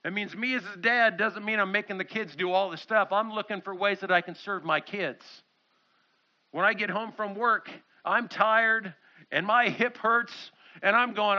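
A man's voice: sits high, normal speed, bright, forceful tone. A middle-aged man, a pastor, preaching a sermon in a church and acting out quoted voices with animation. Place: church sanctuary. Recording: slightly dull lo-fi sound.

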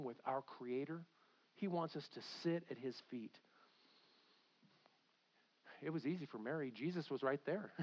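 High-voiced animated pastor preaching. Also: male voice, lo-fi sound. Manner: animated, swings from loud outbursts to quiet intensity. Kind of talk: sermon. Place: church sanctuary.

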